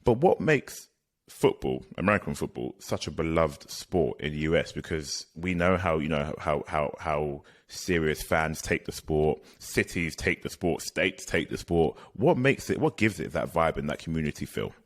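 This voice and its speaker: A man's voice: a bass voice, animated, normal speed. A man hosting a sports podcast, asking long questions with repeated restarts. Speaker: podcast host. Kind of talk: conversational interviewing.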